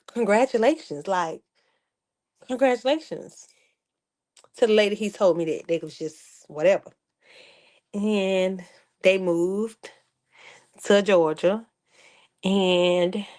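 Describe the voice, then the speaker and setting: Chatty sarcastic young woman vlogger. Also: medium pitch. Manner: chatty, sarcastic, addresses viewers as y'all. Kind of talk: casual chat to viewers.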